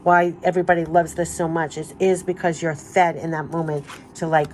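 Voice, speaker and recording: A woman's voice: low-pitched, little pitch movement, fairly quick, a little mellow, a little hiss or hum. A woman doing an emotional spiritual card reading, talking in a gushing, emphatic way and repeating phrases, her voice giving out. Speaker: tarot card reader.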